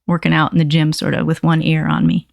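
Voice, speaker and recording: A woman's voice: sits low, fairly even intonation, quick pace, gravelly, no echo, studio quality. An older woman hosting a casual livestream as a puppeteer, chatty and rambling. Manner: chatty, rambling, self-deprecating.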